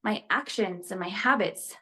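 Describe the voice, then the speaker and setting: A young woman talks openly as a podcast guest, her voice sitting at an ordinary middle pitch. She is lively and expressive, peppering her talk with "like" and breaking into short laughs. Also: moderate pace. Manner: animated, frequent filler "like", laughs between thoughts. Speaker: guest, actress and motivational speaker. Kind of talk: casual podcast conversation.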